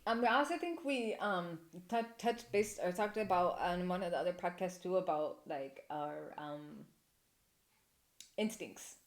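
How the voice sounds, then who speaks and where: A woman's voice: fairly low pitch, measured pace. A woman co-hosting a podcast in casual chat, playful and given to acting out little quoted scenes. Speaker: podcast co-host. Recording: echoey room.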